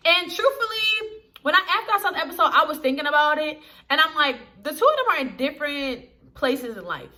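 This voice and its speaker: A woman's voice: high voice, sing-song, brisk, bright, forceful tone. A young woman reviewing a TV episode in casual chat to camera, talking straight to her viewers in a slangy, chatty way.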